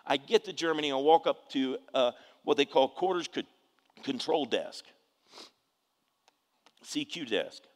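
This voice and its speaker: A man's voice: fairly high pitch, a little slow, pauses often. Emphatic male preacher in a reverberant hall. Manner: emphatic, asks the congregation for responses. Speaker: pastor. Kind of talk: sermon with personal testimony.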